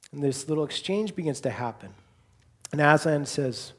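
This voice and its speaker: A man's voice: on the high side, a little fast, slightly rough. A male pastor preaching a sermon and closing in prayer, building to emphatic repeated lines and then falling to a near whisper.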